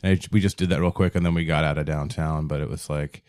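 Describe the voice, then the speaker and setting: A laid-back young man joins a podcast chat and laughs often. His voice is very low for a man. The sound is dry and close, with no room echo. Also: fairly even intonation, quick pace, darkish tone, clean tone. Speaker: podcast guest. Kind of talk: casual chat.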